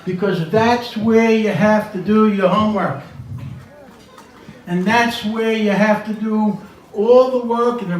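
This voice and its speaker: A man with a high voice delivers an emphatic banquet speech and drives each point home by repeating it. He is heard from a distance in an echoing hall with faint murmur behind him. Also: a little hiss or hum. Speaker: banquet speaker. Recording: echoey hall from far off, faint ambience.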